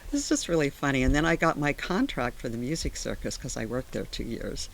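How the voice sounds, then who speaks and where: An older woman shares personal memories in a relaxed oral history interview. She is animated and slips into the voices of the people in her stories. Her storytelling is conversational and unscripted. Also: very deep voice, fairly quick, a little hiss or hum. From Sacramento area, USA.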